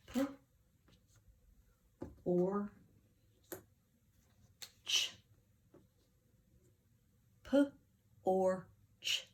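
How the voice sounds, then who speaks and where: A middle-aged woman teaching a phonics lesson to young children, sounding out words slowly and patiently. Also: on the low side, lively intonation, vocal fry, a little mellow. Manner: slow, patient, over-articulated sounding out.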